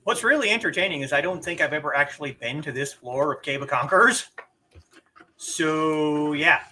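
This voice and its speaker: Man, 40s, game streamer, jokey casual commentary, high pitch, bright tone. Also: moderate pace, slight background noise. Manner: chatty, animated and jokey.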